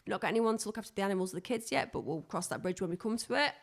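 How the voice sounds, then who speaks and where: A woman co-hosting a podcast in casual chat, telling animated, jokey stories. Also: medium pitch, very fast, vocal fry. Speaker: podcast co-host.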